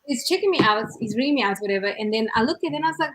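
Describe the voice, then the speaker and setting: A South African woman hosts a casual podcast chat, her voice sitting a little high. She tells stories with animated emphasis, leaning hard on the punchlines. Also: racing, hardly any pauses, low-quality recording. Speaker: podcast host.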